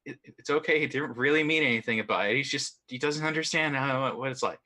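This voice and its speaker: A man voicing a calm male adventurer who soothes and hesitates as he plays the go-between. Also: medium pitch, fast talker, close to an everyday voice. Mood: placating.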